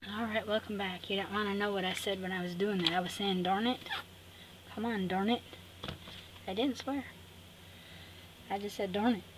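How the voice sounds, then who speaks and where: A woman's voice: medium pitch, steady tone, moderate pace, long pauses. A woman hosting a craft tutorial, chatting to viewers and talking herself through the steps with cheerful asides. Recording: clear background noise.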